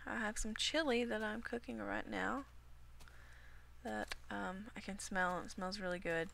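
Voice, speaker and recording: Young woman, home gaming commentary, slow and rambly, bright fry-laced voice, post-illness cough. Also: mid-range voice, steady tone, slight background noise. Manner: rambling and chatty, talks to herself while playing. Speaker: gaming video creator. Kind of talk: casual Minecraft commentary.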